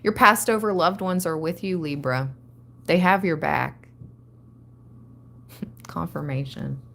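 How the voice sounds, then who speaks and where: A woman hosting a live-stream tarot reading, reading card meanings aloud and breaking into excited asides. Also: low voice, creaky, a little hiss or hum. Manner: slow, reads card text then riffs excitedly. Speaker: tarot reader.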